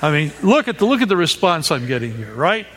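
Lively high-voiced man preaching in a hall. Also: brisk. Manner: animated storytelling, asides to the audience, acts out quoted cries. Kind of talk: sermon with personal story. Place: large hall with audience. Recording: long hall reverb.

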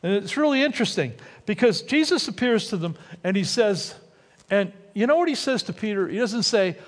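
Animated male preacher in a reverberant hall. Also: high-pitched, moderate pace. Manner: animated, acts out quotes with rising and dropping voice. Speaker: pastor. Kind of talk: sermon. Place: church sanctuary.

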